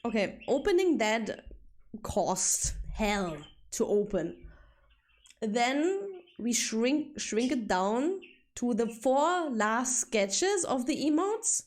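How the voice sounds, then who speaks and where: A woman's voice: on the high side, big pitch swings, slow. A young woman with a German accent chatting casually on a livestream, rambling and swearing when annoyed. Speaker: streamer.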